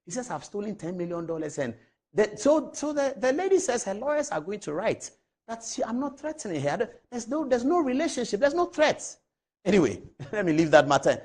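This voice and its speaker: Man, Ghanaian accent, middle-aged, TV show host, husky, very expressive pitch, retells conversations. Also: a little fast. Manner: animated, emotional retelling with quoted dialogue. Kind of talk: on-air commentary to viewers.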